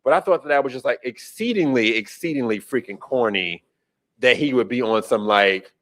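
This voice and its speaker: A man's voice: mid-range voice, normal speed, a bit bright. A man hosting a casual political commentary podcast, ranting with profanity and incredulity and laughing as he goes. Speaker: podcast host.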